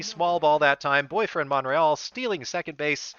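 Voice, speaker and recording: A man's voice: a little high, moderate pace, fairly bright tone, smooth, lo-fi sound. A man streaming a baseball video game, commentating it like a broadcaster whose voice jumps up on big plays. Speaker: streamer doing play-by-play. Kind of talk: sports-style play-by-play commentary of a video game.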